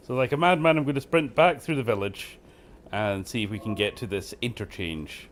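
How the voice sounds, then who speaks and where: A man's voice: mid-range voice, brisk, slight background noise. A man giving casual, joking commentary while playing a game, laughing often and poking fun at himself. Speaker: game streamer host.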